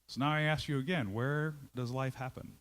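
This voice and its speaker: Male company leader on stage, storytelling talk, conversational and animated, acts out his own thoughts, middle pitch. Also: normal speed. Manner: conversational, checks in with listeners. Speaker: CEO giving a talk. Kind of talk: storytelling talk to a live audience.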